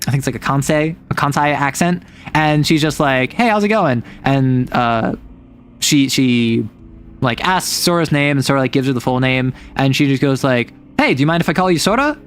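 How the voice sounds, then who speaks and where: A man streaming a casual chat, retelling a story in an animated, rambling way full of fillers. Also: medium pitch, slight background noise.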